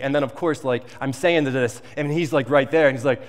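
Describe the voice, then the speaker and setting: A male pastor delivers a sermon in a casual, story-driven way, pausing often to check in with the congregation. His mid-range voice carries a long reverb from the church hall around him. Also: medium pitch. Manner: conversational storytelling, frequent "right?" and "like". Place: church sanctuary.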